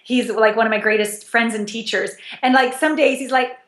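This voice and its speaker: Here a fairly high-voiced woman, an intimacy coach, chats as a guest in a casual interview, talking a little fast. Animated and full of wide pitch swings, she laughs as she plays out little exchanges. The recording carries the roomy echo of the space.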